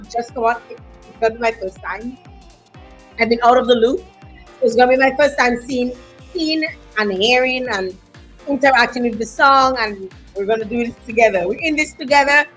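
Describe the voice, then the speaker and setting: A woman's voice: sits high, moderate pace, soft background music. Chatty Dominican woman hosting a live stream. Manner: animated, chatty, greets viewers, island slang. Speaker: host of a live online show. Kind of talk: lively live-stream chat.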